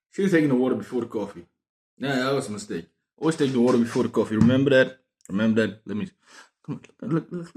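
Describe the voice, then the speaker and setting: A man's voice: mid-range voice, a little mellow. A man chats to camera in a loose, rambling way, drifting into playful tangents. His voice sits in a mid register and carries a noticeable roomy echo, as if he were in a bare room at home. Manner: rambling, jokey asides and tangents. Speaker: book vlogger. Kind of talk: casual rambling monologue to camera.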